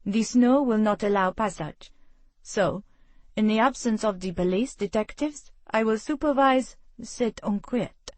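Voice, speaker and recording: A woman's voice: mid-range voice, a little slow, a little mellow, no room sound, close to an everyday voice. A woman voicing a small, officious French mayor who takes charge, reading an audiobook. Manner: formal, commanding.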